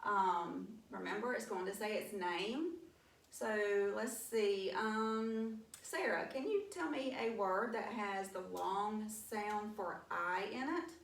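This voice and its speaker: A woman teaching a phonics lesson, sounding out letters in a slow, encouraging way. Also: mid-range voice. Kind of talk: mock phonics lesson to an imagined class. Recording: echoey room, voice from a distance.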